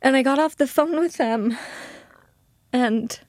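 A woman guest telling a personal story in an interview, halting and emotional, with frequent restarts. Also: sits high, darkish tone, dry recording.

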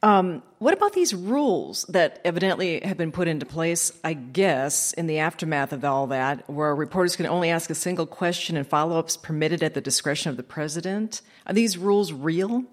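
A woman's voice: deep voice, animated, moderate pace, few pauses. A woman interviewer asking probing, direct questions.

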